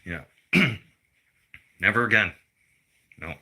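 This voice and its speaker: A middle-aged vlogger rants to the camera, blunt and profane, as though lecturing his viewers in a plain, unpolished way. His low voice has a sharp, very bright edge that cuts through, and it is slow and slightly rough, with big swings in pitch.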